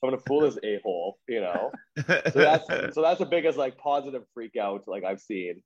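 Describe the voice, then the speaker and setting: A man's voice: medium pitch, expressive, normal speed, slightly rough, lo-fi sound. A man telling a story in casual chat, rambling with lots of "like" and restarts, laughing at himself.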